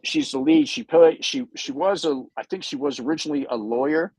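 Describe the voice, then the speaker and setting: A man's voice: fairly high pitch, huge pitch swings, a little fast, creaky, darkish tone, breathy edge, no echo, rough recording. A man hosting a livestream, painting while he chats in a rambling, self-interrupting, jokey way. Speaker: livestream host painting models. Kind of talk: casual rambling chat.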